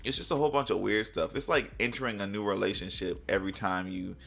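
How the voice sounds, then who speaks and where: Man, young adult, music producer, podcast guest, gravelly, casual storytelling, acts out other people's lines. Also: on the low side, fast talker. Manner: animated, mimics people in a raised voice.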